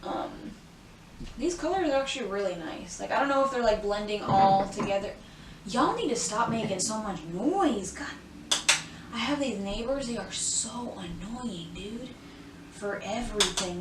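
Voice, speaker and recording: A woman's voice: mid-range voice, lively intonation, measured pace, reverberant, distant mic, heavy background noise. A young woman in her twenties from South Florida chats casually through a makeup tutorial, rambling with lots of "like" and "y'all.". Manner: chatty, rambling, peppered with "like" and "y'all". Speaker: beauty vlogger. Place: home room, indoors. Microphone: camera mic at a short distance.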